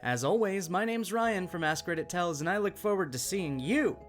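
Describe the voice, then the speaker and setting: Male story narrator, matter-of-fact reading, slightly raised pitch, soft guitar music underneath. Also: lively intonation, moderate pace. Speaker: channel narrator. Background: faint guitar music.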